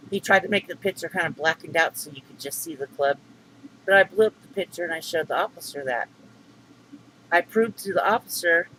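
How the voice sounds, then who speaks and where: Aggrieved high-voiced middle-aged man. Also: background noise. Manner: rambling, aggrieved, many fillers and restarts. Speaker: vlogger. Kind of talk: upset venting monologue.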